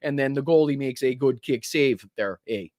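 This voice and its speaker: A man's voice: medium pitch, normal speed, a little mellow, dry recording, clean studio sound, natural voice. A man voicing a chatty Canadian male hockey fan with a singsong Canadian accent and a habit of saying eh. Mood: folksy. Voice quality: singsong, ends with eh.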